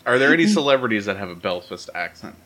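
A man in casual comedic brainstorming chat with friends, tossing out quick jokey asides. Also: fairly low pitch, sing-song, over a noisy crowd.

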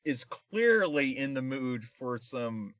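A man's voice: mid-range voice, very animated, slow pace, a bit bright, dry recording, dull audio. A man co-hosting a casual comedic film review podcast, rambling and sarcastic with lots of fillers. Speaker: podcast co-host.

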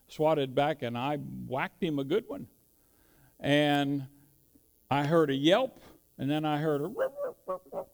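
A man's voice: on the high side, a little mellow. A middle-aged man preaching a sermon, mixing folksy storytelling with emphatic declarations. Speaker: pastor.

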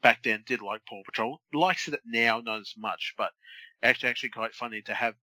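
A man's voice: medium pitch, a little fast, bright, forceful tone, no room sound, rough recording. A man in his thirties co-hosting a casual podcast chat, teasing his co-host with crude banter.

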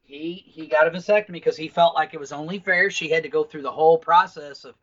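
A man's voice: a little high, fairly even intonation, fast, highs cut off. A man co-hosting a podcast, telling rambling, profane family stories in casual chat. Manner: profane, rambling anecdotal storyteller. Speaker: podcast co-host.

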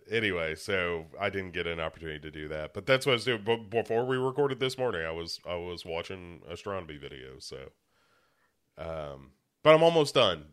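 A man's voice: sits low, fairly bright tone, clear, resonant tone. A slightly congested young man chatting casually as a podcast co-host, rambling and joking at his own expense. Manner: rambling, self-mocking, with many restarts. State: a little congested. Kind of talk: casual chat.

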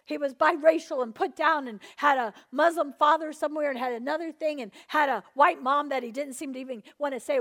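A woman preaching a charismatic sermon, testifying with passion and swinging between hushed and loud delivery. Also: high-pitched, brisk, hardly any pauses.

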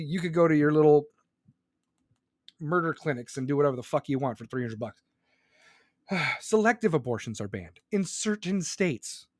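A man's voice: high voice, dry recording, studio quality. Profane ranting man in his forties. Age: 40s. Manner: profane, mocking, shouts out chat viewers. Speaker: livestream host. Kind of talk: ranting political commentary.

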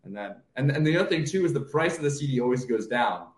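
A man's voice: medium pitch, lively intonation, fast talker. Man telling stories in an echoey room. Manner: storytelling, acting out other people's lines. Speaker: co-host, stand-up comic. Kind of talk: casual comedic chat. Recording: roomy echo.

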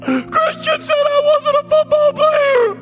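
A man voicing a crying boy of about nine who gasps out his complaint in a high wail. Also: takes it slowly, a bit bright, full character voice. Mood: sobbing. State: crying, gasping. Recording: long hall reverb with music.

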